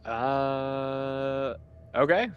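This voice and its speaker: A man's voice: medium pitch, very slow, clean tone, highs cut off. A man playing a tabletop game, talking in a hesitant, laid-back way. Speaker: player. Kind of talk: casual tabletop play.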